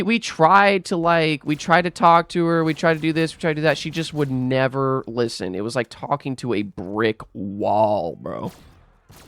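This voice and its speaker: A man's voice: mid-range voice, a bit bright, clean tone, dry recording. A young man telling a rambling, aggrieved storytime rant while gaming, swearing and restarting his sentences often. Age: young adult. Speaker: gaming vlogger.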